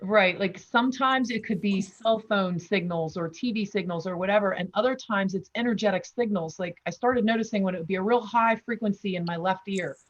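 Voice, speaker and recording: A woman hosting a casual video call chat, welcoming people and giving shout-outs. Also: medium pitch, fairly quick, hardly any pauses, highs cut off. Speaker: host.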